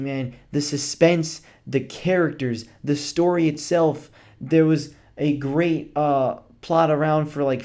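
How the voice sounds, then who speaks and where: A young man reviewing a movie in a casual chat, gushing with excitement, swearing freely and laughing often. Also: fairly high pitch.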